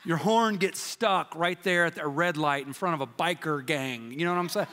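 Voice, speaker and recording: A man preaching a sermon in a large church, telling jokes and stories in a folksy, animated way. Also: fairly high pitch, normal speed, slight background noise. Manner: joking storyteller, folksy and animated. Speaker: pastor. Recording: reverberant church hall.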